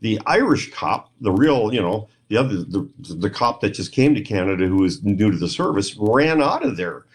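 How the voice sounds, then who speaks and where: Low-voiced man telling a long story. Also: normal speed, hardly any pauses. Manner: rambling, animated retelling with quoted voices. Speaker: guest, paranormal investigator. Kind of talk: storytelling interview.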